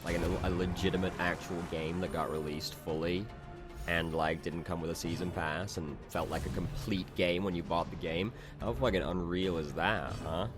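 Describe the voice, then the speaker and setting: Let's play host, male, deep voice, loose and profane asides, close mic with clear game music behind. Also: fairly even intonation, moderate pace. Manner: rambling, self-interrupting, casually profane. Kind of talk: casual gameplay commentary. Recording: game music playing underneath.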